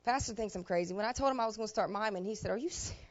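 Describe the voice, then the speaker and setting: A woman pastor telling a personal story in a sermon, talking in a plain, colloquial way that drops to quiet asides and rises to loud emotional bursts. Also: mid-range voice, racing, lo-fi sound. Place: church sanctuary.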